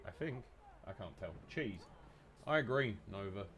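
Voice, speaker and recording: British man, young, stuffy nasal voice, rambling sweary stream banter, lowish pitch, faint gunfire behind. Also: expressive, moderate pace, a bit bright, a little hiss or hum. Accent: British English. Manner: rambling, sweary, joking asides to chat. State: blocked nose, nasal. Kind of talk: casual live-stream chatter while gaming. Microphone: headset.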